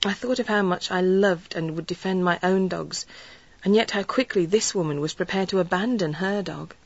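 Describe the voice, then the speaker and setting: Woman, audiobook narration, husky, lowish voice, measured, dull lo-fi. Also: dry recording. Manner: measured, earnest storytelling.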